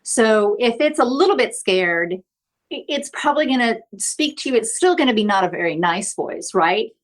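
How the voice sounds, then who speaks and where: A woman's voice: on the high side, expressive, normal speed. A middle-aged woman therapist, a podcast guest, explaining earnestly and often checking in with "right?". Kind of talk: podcast interview.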